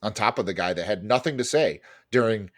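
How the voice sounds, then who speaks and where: Lively, animated man telling a story. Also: fairly low pitch, fairly quick. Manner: animated storytelling, heavy fillers and swearing. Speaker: podcast co-host. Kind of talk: casual chat.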